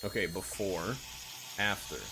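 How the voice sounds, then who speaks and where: A man's voice: low-pitched, steady tone, unhurried, noisy background. A young man from Missouri chatting casually with his livestream audience, self-mocking and talking straight to chat.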